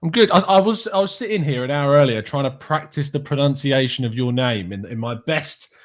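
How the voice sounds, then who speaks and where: A man hosting a casual football podcast, chatty and quick to laugh. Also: mid-range voice, expressive. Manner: chatty, laughs easily, friendly British banter. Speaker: podcast host. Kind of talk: casual chat.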